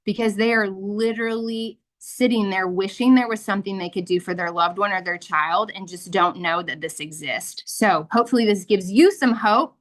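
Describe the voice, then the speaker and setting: A woman's voice: medium pitch, normal speed, hardly any pauses. A woman in her thirties giving an earnest, emotional personal testimony as a mother, with frequent fillers. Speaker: guest sharing a testimony.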